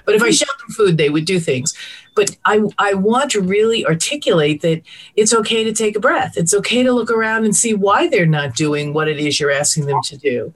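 A woman's voice: mid-range voice, expressive, a little fast. A woman co-host chatting casually and agreeably about dogs. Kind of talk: conversational podcast talk.

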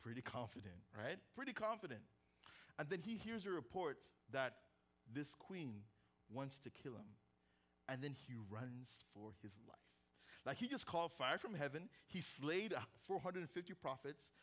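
A young man preaches a sermon with a high, light voice. He tells the story with energy, dropping to a near-hush and then rising again, and keeps tossing in casual, joking asides to the congregation. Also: moderate pace. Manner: animated storytelling, swings from loud to hushed. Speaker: pastor.

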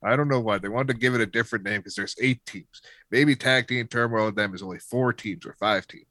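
Lower-voiced matter-of-fact man. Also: fairly quick, pushed and bright, dry recording. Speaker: podcast co-host. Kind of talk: casual chat.

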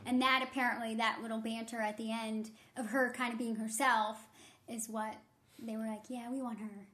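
A woman's voice: fairly high pitch, flat delivery, normal speed, a bit bright. A woman co-hosting a podcast, chatting casually and telling a story with lots of fillers. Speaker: podcast co-host. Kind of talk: casual chat.

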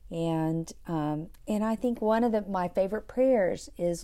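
A middle-aged woman hosting a devotional podcast, talking in a soft, reflective way and dropping to a whisper for scripture. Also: mid-range voice, a little slow. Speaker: podcast host.

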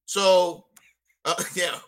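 A man's voice: high-pitched, fairly even intonation, drawn-out words. A man giving a fired-up, blunt rant on a casual sports podcast, leaning on "you know" a lot. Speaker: co-host giving a weekly rant.

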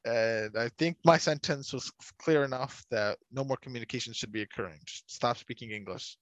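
A man's voice: medium pitch, normal speed, no echo, highs cut off. A young man co-hosting a casual podcast, recapping a TV episode in a chatty, rambling way with frequent laughs. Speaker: podcast co-host recapping a TV show. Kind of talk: casual chat.

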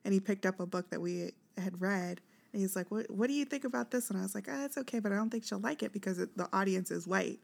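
Blunt, profane woman, podcast co-host, quick to laugh. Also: mid-range voice, gravelly. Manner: blunt, profane, laughs often, mimics people. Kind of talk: casual chat.

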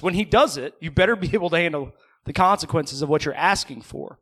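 High, bright-voiced preacher man. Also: a little fast. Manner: conversational, asks the congregation questions, joking asides. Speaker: pastor. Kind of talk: sermon. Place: church.

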